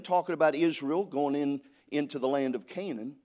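A man's voice: fairly high pitch, brisk, hardly any pauses, darkish tone. A middle-aged male pastor from California preaching a sermon, telling stories with stammered restarts and reading scripture in a rising preaching cadence. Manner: storytelling with repeated stammered restarts.

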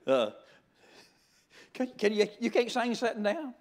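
A man's voice: high-pitched, very animated, brisk. An older man giving a sermon as a guest preacher. He jokes in a folksy way and often stammers into restarts.

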